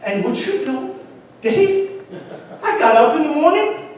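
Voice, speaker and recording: A man pastor preaching a sermon, building to emphatic, near-shouted peaks. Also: very high voice, animated, measured pace, slight background noise. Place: large church sanctuary. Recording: echoey church hall from far off.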